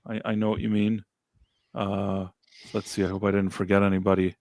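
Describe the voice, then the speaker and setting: A man hosting a casual podcast livestream, relaxed as he reads out and thanks viewers from the chat. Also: on the low side, brisk, dry recording, clean studio sound. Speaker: podcast host.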